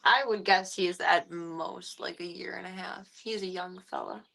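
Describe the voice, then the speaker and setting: A woman's voice: lowish voice, steady tone, moderate pace, vocal fry, fairly bright tone, slight background noise. A woman live-streaming, talking casually to her viewers and cooing baby-talk at a foster cat. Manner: coos and baby-talks to the cat between chatty asides.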